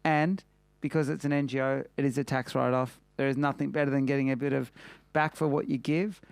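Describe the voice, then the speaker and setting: A man's voice: mid-range voice, flat delivery, brisk, creaky, clear, resonant tone, no echo. An Australian man hosting a casual chat show, chatty and exuberant with plenty of slang. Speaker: podcast host.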